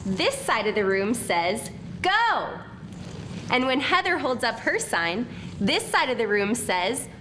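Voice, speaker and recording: Slow, lively woman over room hum. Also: on the high side. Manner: friendly, leading a cheer. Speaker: school presenter. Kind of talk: scripted talk to students.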